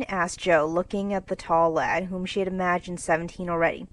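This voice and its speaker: A woman narrating a classic novel in a measured, clear reading for English learners. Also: lowish voice, steady tone, rough recording.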